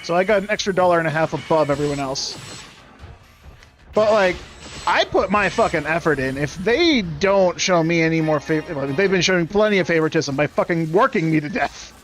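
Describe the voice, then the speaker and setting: A man's voice: fairly high pitch, fairly quick, faint music behind. A young man streaming a game, ranting casually in a sarcastic, profane, rambling way. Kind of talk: casual rant while gaming.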